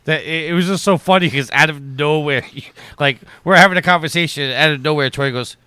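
A man's voice: on the high side, a little fast, hardly any pauses, pushed and bright, clear, resonant tone, no room sound. A man hosting a podcast, upbeat and steering the chat along. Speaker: podcast host. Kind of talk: casual chat.

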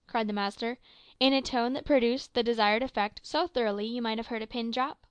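A woman narrates an old adventure tale in a fairly high, smooth and resonant voice. The sound is dry and close, with no room around it. She reads at an even storytelling pace and lifts her voice when she voices the characters. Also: no echo. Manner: measured storytelling, lifts her voice for quoted lines. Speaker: audiobook reader. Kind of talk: scripted narration.

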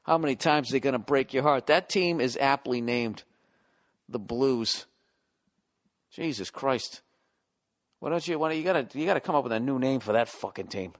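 A middle-aged man ranting casually and profanely as a podcast host, sounding exasperated. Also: a little high.

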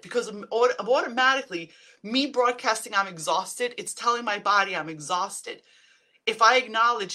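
A woman's voice: medium pitch, normal speed, pushed and bright. A middle-aged woman chatting casually to viewers on a live stream, giving direct, upbeat wellness tips. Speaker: wellness livestream host.

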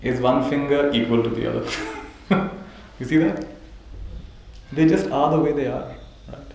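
A man's voice: mid-range voice, unhurried, darkish tone. A man teaching a live audience as a spiritual teacher, telling stories, chuckling often and checking in with "right?". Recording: very echoey hall, faint noise.

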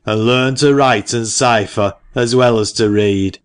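A man voicing a brusque, sharp-tongued old male parson in an audiobook, loud and scolding. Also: medium pitch, steady tone, unhurried, clear, resonant tone, lightly acted. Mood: gruff. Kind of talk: audiobook character reading.

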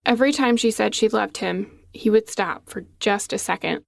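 A woman giving scripted documentary narration in a measured, even delivery. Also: mid-range voice, gravelly, no echo. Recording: dry studio voice-over with faint music.

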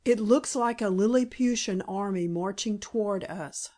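A woman reading the part of a lively, encouraging pioneer mother in an audiobook. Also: mid-range voice, measured pace, lightly acted.

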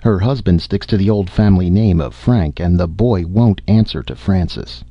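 A man reading the part of a gruff, teasing family doctor with folksy speech, in a deep voice. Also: normal speed, dry recording, muffled recording.

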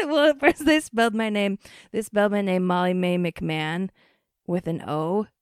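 A woman hosting a podcast in casual chat, gushing and excitable, swearing freely and full of fillers. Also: fairly low pitch, normal speed, clear, resonant tone, no room sound, clean studio sound.

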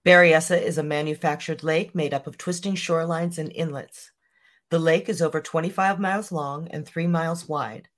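A podcast host reading a scripted true-crime story in an even, measured way. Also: mid-range voice.

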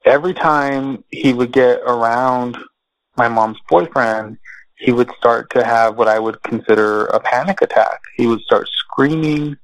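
A man as an interview guest, telling a personal family story in a slow, measured way with many pauses and fillers. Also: mid-range voice, fairly even intonation, no room sound, poor audio.

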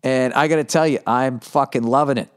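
A man's voice: medium pitch, fairly even intonation, brisk, smooth. A man hosting a solo podcast, rambling in a profane, jokey way about his life. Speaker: podcast host.

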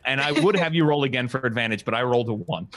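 Male game master for a tabletop game, mid-pitch, easygoing delivery, voices characters in quotes. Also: racing. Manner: relaxed, plays characters in quotes.

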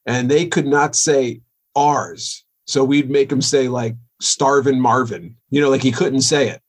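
A man's voice: mid-range voice, fairly even intonation, unhurried, slightly rough. A man, a rock drummer telling stories and joking as a podcast guest. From Long Island, New York. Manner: joking, storytelling, laughs easily. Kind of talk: casual interview chat.

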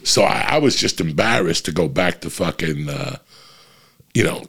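Guy comedian on his podcast, real low gravelly voice, cursing nonstop while he tells a story. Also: animated, normal speed, a bit bright. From New Jersey. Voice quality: raspy. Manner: blunt and heavily profane, restless and swearing as he tells it.

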